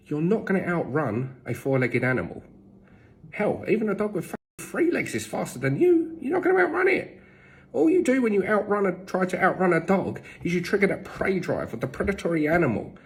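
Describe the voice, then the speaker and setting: An English man gives dog-training advice to camera. His voice sits at an ordinary middle pitch, and he talks in a blunt, emphatic way. He drops in casual swearing as he lays down the rules. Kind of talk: instructional tips to camera.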